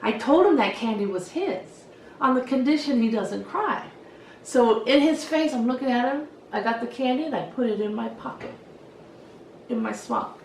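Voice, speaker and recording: A middle-aged woman hairstylist telling stories in a casual, lively way and acting out what she said to the kids. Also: fairly high pitch, moderate pace, slight background noise. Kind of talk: casual storytelling to camera. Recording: echoey room, voice from some distance.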